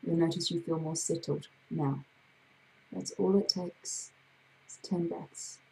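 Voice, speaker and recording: A woman hypnotherapist with a gravelly voice, leading a slow, soothing guided breathing exercise. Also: sits low, steady tone, dark tone, a little hiss or hum, poor audio. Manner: slow, soothing, drawn-out guidance.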